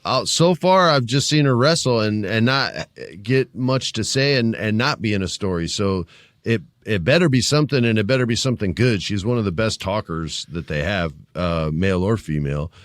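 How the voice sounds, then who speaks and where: A laid-back man co-hosting a casual podcast, his voice sitting on the lower side. He talks easily and freely, throwing in dude and bro. The sound is dry and close, with no room around it. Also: animated, moderate pace, no echo. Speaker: podcast co-host.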